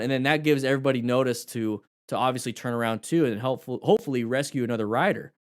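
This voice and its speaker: A man at a middle pitch teaches motorcycle rescue while commenting on crash footage. He talks in an animated way, often asking questions. His delivery is quick and direct, as in a live class. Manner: animated, acts out rider dialogue and questions. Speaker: motorcycle safety instructor.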